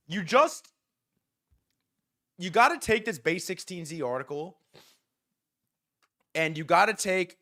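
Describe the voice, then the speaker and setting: A young man holds forth on a livestream in a fast, profane rant. His voice sits a little high for a man, jumping from loud excited bursts to low muttered asides. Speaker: livestream host. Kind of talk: hyped livestream market rant.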